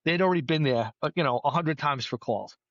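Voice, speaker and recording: A middle-aged man, a battalion chief, telling firefighting stories in a casual podcast chat, plainspoken and lively. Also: fairly high pitch, a little fast, no room sound, dull audio. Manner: storytelling, animated, plainspoken with mild swearing.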